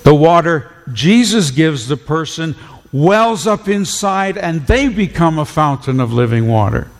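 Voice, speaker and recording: Slow, gravelly-voiced man preaching. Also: on the high side, lively intonation. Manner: emphatic, repeats phrases for effect. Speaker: pastor. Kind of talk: sermon. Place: church. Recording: long reverb of a church hall.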